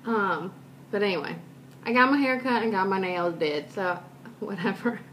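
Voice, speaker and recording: A woman's voice: mid-range voice, normal speed, fairly bright tone, a little hiss or hum. Rambling, self-deprecating woman vlogger. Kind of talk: casual chat, personal storytelling.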